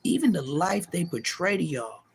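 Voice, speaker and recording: A middle-aged man delivering a profane, taunting callout rant to the camera, animated and mocking. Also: moderate pace, a little hiss or hum. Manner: animated, profane, taunting, pitch leaping high in mocking bursts. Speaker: street vlogger.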